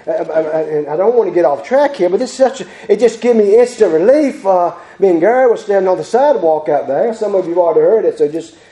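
A man's voice: high voice, lively intonation, quick pace, few pauses, warm tone. A man preaching a sermon, fervent and repetitive, stumbling over restarts. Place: church sanctuary. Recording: echoey church hall.

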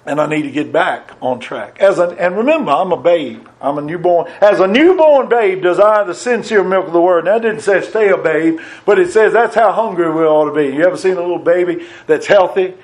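A man preaching a sermon, folksy and plain-spoken, rising to emphatic peaks and then dropping low and quiet. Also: animated, brisk, few pauses.

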